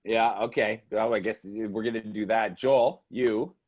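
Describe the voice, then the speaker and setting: A man hosting a casual live video chat, excitable and chatty with many fillers, speaking over a video call. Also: lowish voice, a little slow. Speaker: livestream host.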